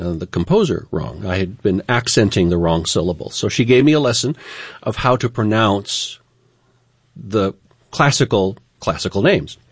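A man's voice: lowish voice, no room sound, studio quality. A man who is a former broadcaster, telling a reflective story on air in an earnest way. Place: radio studio. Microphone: studio microphone.

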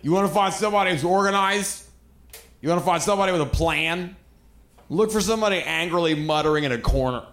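A man doing a stand-up routine, brash and profane, working himself up to shouts on stage. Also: high-pitched, fast. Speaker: stand-up comedian. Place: comedy club stage. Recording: roomy club with audience laughter.

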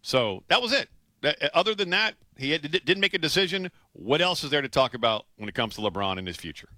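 A man's voice: fairly high pitch, very animated, fast talker, sharp tone, no room sound, clean studio sound. A man co-hosting a sports radio show, talking loosely and jokingly and often repeating words as he starts a thought. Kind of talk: casual sports radio talk.

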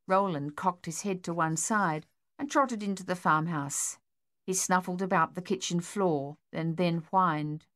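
Female audiobook narrator, low-pitched and steady. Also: unhurried.

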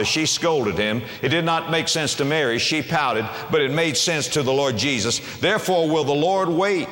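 A man preaching a sermon, dropping to a hush and then soaring, repeating phrases for emphasis. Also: mid-range voice. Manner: impassioned, swings from hushed to soaring, repeats phrases. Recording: reverberant hall sound.

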